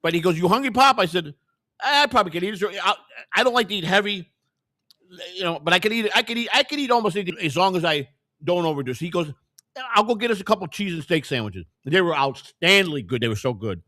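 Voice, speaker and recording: Fast-talking older man spinning stories. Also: high voice, expressive, sharp tone, no room sound, studio quality. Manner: rambling storyteller, many restarts. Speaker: co-host. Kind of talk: casual chat.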